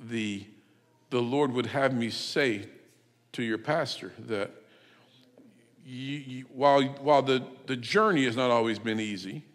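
A man preaching with mid-range pitch, his voice ringing out in a church with long reverb. He tells stories and builds to emphatic, shouted points. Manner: emphatic, rises to loud shouts. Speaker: visiting preacher. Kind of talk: sermon with storytelling. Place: church sanctuary.

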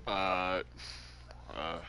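A man's voice: low voice, steady tone, very slow, bright, forceful tone. A man chatting casually with a friend during a game stream, playful and teasing. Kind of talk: casual chat.

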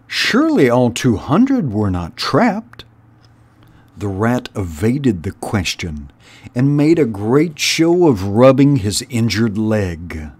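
A man reading a children's novel aloud in an unhurried, deliberate way, as host of a storytime channel. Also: medium pitch, very animated, darkish tone, breathy edge.

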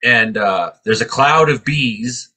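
A middle-aged man from Canada, co-hosting a casual chat and telling stories in an animated way with acted-out voices. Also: medium pitch, slow pace. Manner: animated storyteller, acts out voices. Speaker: co-host.

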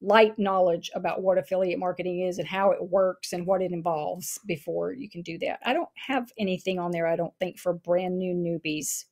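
A woman's voice: lowish voice, fairly even intonation, normal speed, hardly any pauses, a little mellow. A woman guest in a live-stream interview, talking casually about her marketing courses, chatty with restarts and small laughs.

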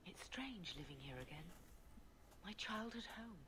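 A woman voicing a gentle, widowed middle-aged noble mother in video game dialogue, speaking softly and earnestly. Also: lowish voice, big pitch swings, a little slow, background noise. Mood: wistful.

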